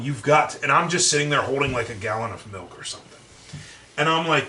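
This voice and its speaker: A man's voice: medium pitch, lively intonation, fast, bright, forceful tone, recorded from a distance, a little hiss or hum. Ranting, profane man in an echoey room. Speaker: podcast co-host. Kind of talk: casual podcast chat.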